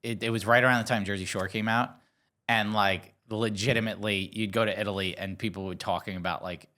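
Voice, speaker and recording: A woman's voice: rumbling low, fairly even intonation, quick pace, a bit bright. A woman podcast co-host with a Long Island accent, chatting casually, swearing freely and telling stories with animation. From Long Island, New York. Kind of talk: casual chat.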